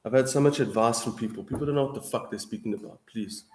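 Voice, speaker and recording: Young male streamer, mid-pitched, ranting hard and swearing, echoey room. Casual defiant monologue. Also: quick pace, darkish tone, a little hiss or hum. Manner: heated, profane, repeats "bro" and "dude". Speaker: streamer answering viewers.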